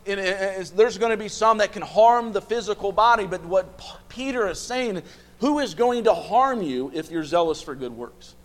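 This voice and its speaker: A man's voice: sits high, lively intonation, normal speed. A man leading a Bible study, asking the group questions and repeating phrases for emphasis. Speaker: Bible class teacher.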